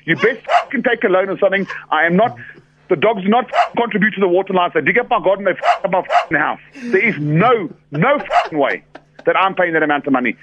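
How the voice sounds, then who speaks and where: A man's voice: high voice, lively intonation, quick pace. A man with a South African accent on a phone call, ranting angrily about a bill with heavy swearing. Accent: South African English. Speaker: prank call victim. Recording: muffled phone line with noise.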